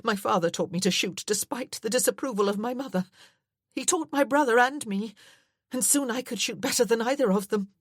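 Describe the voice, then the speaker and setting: A woman's voice: fairly high pitch, a little fast, dry recording, studio quality, voice pushed up, lightly acted. A woman voicing a guilt-ridden young widow, speaking with raised, breathless anguish.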